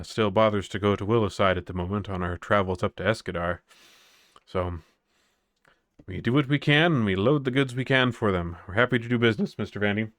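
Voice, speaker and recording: A man voicing a regal female half-elf ship captain who speaks in a crisp, formal, upbeat way. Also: lowish voice, a bit bright, dry recording, studio quality.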